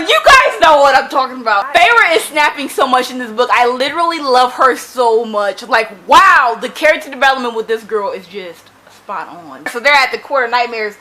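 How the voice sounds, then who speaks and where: A young woman recapping a novel in an excited reading vlog, gushing and dramatic, breaking into screams and laughs between run-on summaries. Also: sits high, normal speed, few pauses, low-quality recording. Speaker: book vlogger.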